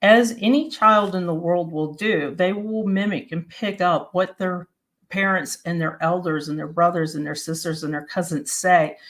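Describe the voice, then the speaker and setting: A woman from Maryland and West Virginia giving an explanatory presentation in a steady, plain-spoken teaching manner. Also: fairly low pitch. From Maryland and West Virginia, USA.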